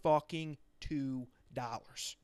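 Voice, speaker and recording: A man's voice: medium pitch, fairly even intonation, takes it slowly, a little mellow, smooth, no room sound, studio quality. A man from New Jersey in casual, crude podcast banter, swearing often and joking. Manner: profane, joking, riffs in put-on quotes.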